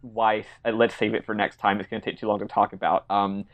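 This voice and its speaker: A man's voice: on the low side, level tone, fast, highs cut off. A man co-hosting a podcast, casually recapping a game's plot and acting out characters' lines with laughs and swearing. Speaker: podcast co-host. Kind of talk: casual chat recapping a game.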